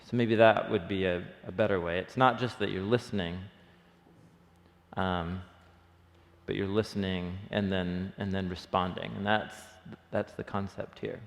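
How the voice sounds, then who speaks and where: A man's voice: low voice, steady tone, unhurried, gravelly. A man leading an early-morning Bible study, teaching in an enthusiastic, conversational way and thinking aloud with plenty of fillers. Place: church room. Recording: long reverb of a hall.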